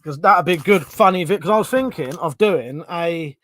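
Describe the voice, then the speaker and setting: On his relaxed live stream, a man with a British accent reads viewer comments aloud, talks with sarcasm and swears without restraint. His voice runs on the high side, a bit bright, at a moderate pace.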